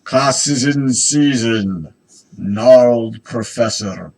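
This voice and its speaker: A man doing a slow, gravelly mushroom creature. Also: medium pitch, darkish tone. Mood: ominous.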